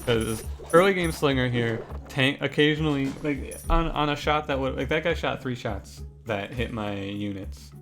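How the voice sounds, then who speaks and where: Barely pausing, a gaming commentator rambles and jokes through casual gameplay commentary, often breaking off mid-sentence, with background music underneath. He speaks at medium pitch and a moderate pace, in a fairly bright tone.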